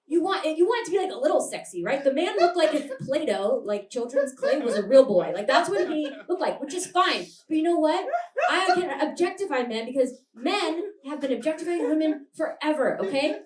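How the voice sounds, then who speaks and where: A brash young woman doing stand-up on a handheld mic, her voice sitting a little high for a woman. She rambles and laughs through her lines. The sound is roomy and heard from some distance off. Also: a little mellow. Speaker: stand-up comedian. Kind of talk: stand-up comedy set. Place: live comedy show in a small venue. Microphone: handheld stage mic.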